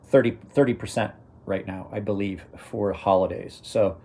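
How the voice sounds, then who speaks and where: Husky, rambling middle-aged man. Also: fairly low pitch, normal speed, dark tone. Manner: rambling, restarts sentences, chuckles to himself. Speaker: knife review channel host. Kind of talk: casual live-stream chat.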